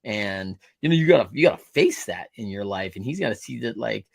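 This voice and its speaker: A man's voice: fairly low pitch, lively intonation, brisk, vocal fry, few pauses, husky, dry recording. A middle-aged man hosting a podcast interview, talking casually in loose, rambling sentences full of restarts. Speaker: podcast host and coach.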